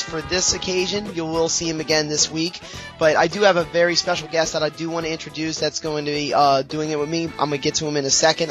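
A man's voice: a little high, fairly bright tone, no room sound. Jokey man hosting a sports podcast. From New Orleans, Louisiana. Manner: rambling, jokey, quick asides. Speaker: podcast co-host. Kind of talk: casual sports podcast chat.

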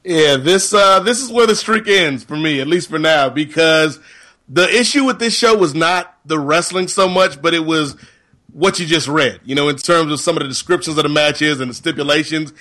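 A man's voice: a little high, normal speed, sharp tone. A man co-hosting a podcast, giving his opinion in a thoughtful, conversational way. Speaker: podcast co-host. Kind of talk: casual chat.

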